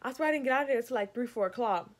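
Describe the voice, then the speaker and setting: Young woman, storytime vlogger, exasperated, lively delivery, talks straight to the viewers. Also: fairly high pitch, very fast. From Savannah, Georgia. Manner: animated, exasperated, addresses viewers as y'all. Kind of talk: storytime rant.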